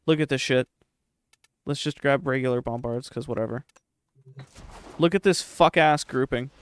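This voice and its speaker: A man's voice: medium pitch, normal speed, clear, resonant tone, dry recording. A young man streaming a game, chatting casually with his chat in a sarcastic, profane, rambling way.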